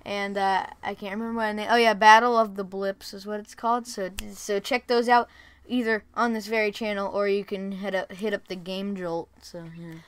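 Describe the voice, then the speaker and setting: A woman's voice: medium pitch, little pitch movement, normal speed, clear, resonant tone. A woman co-hosting a casual podcast from her bedroom, rambling with lots of fillers and restarts. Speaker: co-host and game developer.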